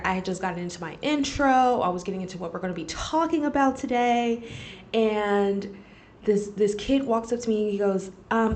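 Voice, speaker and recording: A young woman hosting a casual podcast, telling a story in a lively, joking way, swearing and laughing as she talks to her viewers. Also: medium pitch. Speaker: podcast host. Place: library study room.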